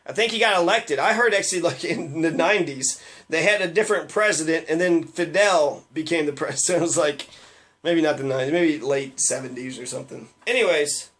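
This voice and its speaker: Casting note: man, higher-pitched voice, impassioned and profane, rambling political rant full of fillers. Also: brisk, fairly bright tone.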